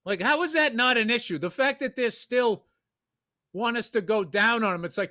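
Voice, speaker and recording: Blunt joking guy w a highish bright voice, swearing thru a comedy podcast. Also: normal speed. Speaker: podcast co-host. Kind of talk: casual comedy podcast chat.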